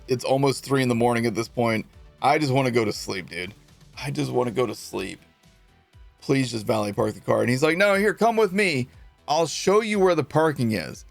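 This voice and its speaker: This man's medium-pitched voice has a creaky quality. While streaming a game, he tells his chat a long, casual story, laughing, animated, and performing other people's lines.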